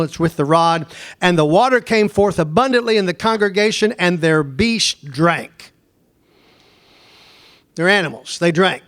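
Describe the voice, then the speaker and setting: A man's voice: high voice, a bit bright, dry recording, studio quality. A middle-aged man teaching a Bible lesson in a conversational, digressive way, often putting questions to his class.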